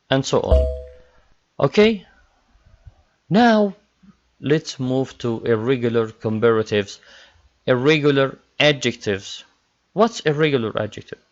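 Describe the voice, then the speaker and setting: Slow-talking male English teacher. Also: mid-range voice. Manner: slow, repetitive drilling of word pairs. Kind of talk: classroom grammar lesson. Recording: dull lo-fi recording.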